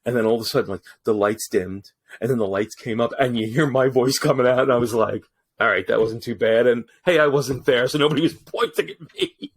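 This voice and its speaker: A man's voice: mid-range voice, fairly quick, few pauses, slightly rough. A man who works as a voice-over artist, chatting casually as a podcast guest and telling stories animatedly, with frequent restarts. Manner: animated storyteller with many restarts. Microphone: studio mic in his booth.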